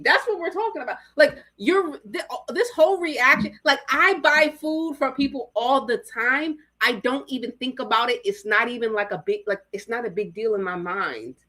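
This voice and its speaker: A woman's voice: a little high, expressive, moderate pace, sharp tone. A woman co-hosting a casual podcast, exasperated and full of fillers. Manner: exasperated, lots of "like". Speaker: podcast co-host. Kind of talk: casual chat.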